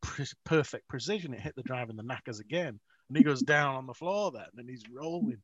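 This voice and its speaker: A man's voice: medium pitch, a little fast, fairly bright tone, slightly rough, no echo. A man, an author, telling rambling, self-mocking stories with frequent laughs in a casual interview. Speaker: author, guest. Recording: dry, dull lo-fi audio.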